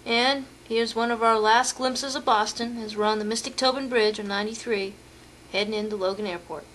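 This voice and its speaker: A woman's voice: a little high, fairly even intonation, brisk, a bit bright, a little hiss or hum. A woman narrating family vacation photos in a chatty storytelling way, with fillers and restarts. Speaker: home video narrator.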